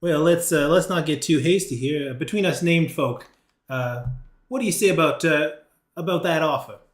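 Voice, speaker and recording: A man's voice: fairly high pitch, moderate pace, lightly acted. Man doing a folksy, drawling trader. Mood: wheedling. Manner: drawling, hesitant, full of uhs. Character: folksy male trader pitching a deal. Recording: roomy echo.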